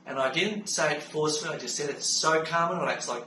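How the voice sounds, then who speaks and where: Roomy, bright-voiced Australian man. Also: a little high. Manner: calm, unhurried recounting with frequent fillers. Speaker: storyteller. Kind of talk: personal spoken testimony. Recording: roomy sound from a distance with faint background hum.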